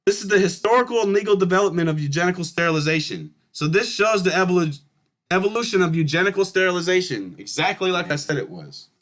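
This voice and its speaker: This is a man with a notably high voice, giving casual commentary as he reads through documents. He talks bluntly and with emphasis, swears freely, and keeps turning to his viewers to address them. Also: fairly bright tone. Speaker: channel host. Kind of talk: casual commentary reading through historical charts.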